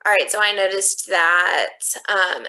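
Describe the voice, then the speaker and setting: This woman speaks at a slightly slow pace with a bright, forceful mid-range voice, explaining her reasoning step by step as she types in a recorded online lesson for students. The audio is poor, carrying a little hiss or hum.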